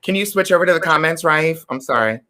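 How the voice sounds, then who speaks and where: Female livestream host, animated delivery, bright tone. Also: low voice, quick pace. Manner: lively, animated, reads viewer comments aloud. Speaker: talk show host. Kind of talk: livestream interview chat.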